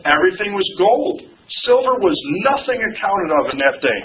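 A middle-aged man preaching a sermon in a mid-pitched voice, moving between ringing emphasis and hushed, emotional asides. He is picked up from a distance in a reverberant room. The sound is thin and phone-like with faint background noise. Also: sing-song, normal speed. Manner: preachy, with rising shouts and quiet, emotional asides. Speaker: pastor. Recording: distant, echoey, phone-like church recording.

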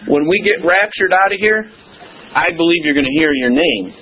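Man, preacher, conversational sermon, higher-pitched, phone-like sound. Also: animated, moderate pace. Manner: conversational, checks in with "okay?" and "all right?". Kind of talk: verse-by-verse sermon. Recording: tinny phone-like recording with faint hiss.

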